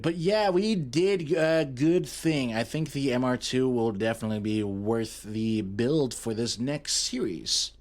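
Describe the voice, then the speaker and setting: A young man chatting casually to his live-stream audience, goofy and rambling while he fiddles with his setup. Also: mid-range voice.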